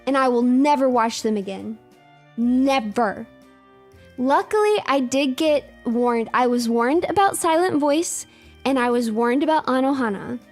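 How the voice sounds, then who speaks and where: A young adult woman streamer chatting casually with her viewers, telling a story in an animated, emphatic way with lots of repetition. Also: sits high, measured pace, faint music behind.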